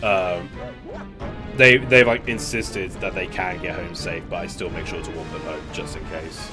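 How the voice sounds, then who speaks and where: A man's voice: low voice, fairly even intonation, normal speed, music in the background. Rambling young man. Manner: rambling, filler-heavy. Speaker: streamer. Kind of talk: casual chat while gaming.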